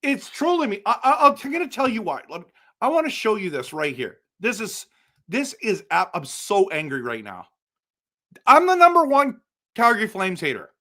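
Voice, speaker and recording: A man hosting a casual live stream for viewers, excitable and exasperated, breaking into loud outbursts. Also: high-pitched, normal speed. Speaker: livestream host.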